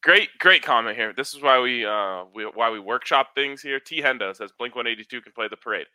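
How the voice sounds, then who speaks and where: A man's voice: medium pitch, expressive, a little fast, pushed and bright, no echo. A man hosting a casual sports podcast, joking and trash-talking as he runs through betting picks. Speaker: podcast host giving hockey betting picks.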